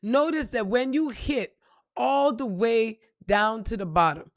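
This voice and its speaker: A woman's voice: on the high side, unhurried, dry recording, studio quality. Blunt, emphatic woman speaking straight to camera. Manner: blunt, emphatic, swears freely; addresses listener as "baby". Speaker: spiritual reader. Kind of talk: motivational monologue.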